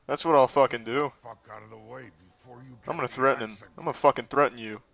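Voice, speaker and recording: A man in his thirties giving deadpan, profanity-laced commentary while playing a game. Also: medium pitch, fairly quick, pauses often. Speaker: streamer. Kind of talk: gameplay commentary.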